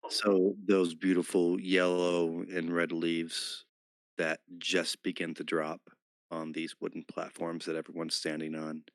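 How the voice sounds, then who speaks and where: A man narrating a tabletop game as game master, describing scenes in a measured way. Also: deep voice, completely flat delivery, no echo.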